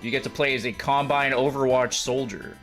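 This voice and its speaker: A man's voice: medium pitch, a little fast, soft background music. A man chatting casually with friends over a voice call while streaming a game. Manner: joking, lively.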